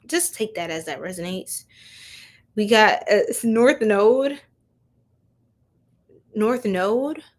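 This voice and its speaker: A woman's voice: mid-range voice, slow, long pauses. A young woman giving a chatty live-stream tarot reading, laughing often and talking straight to her viewers in slang. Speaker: tarot reader.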